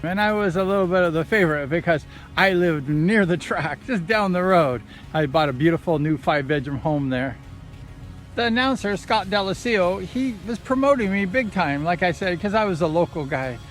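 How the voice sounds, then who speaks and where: High-voiced man telling racing stories. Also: moderate pace, soft background music. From Southern California. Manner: rambling, excited retelling with quoted voices. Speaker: vlogger recounting racing days. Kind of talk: casual storytelling.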